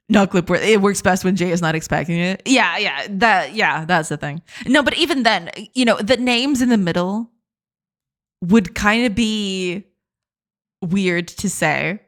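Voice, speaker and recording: Woman streamer reading chat, laughs a lot, mid-pitched voice, desk mic. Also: a bit bright. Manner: giggly, reads and greets chat. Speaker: game developer streamer. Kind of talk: casual live-stream chat.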